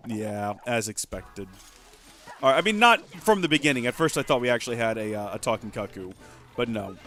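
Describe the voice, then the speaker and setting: A man's voice: medium pitch, expressive, a little fast, bright, forceful tone. A man chatting casually while playing a game on stream, rambling about what he is doing. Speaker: let's play streamer. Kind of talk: casual gameplay commentary.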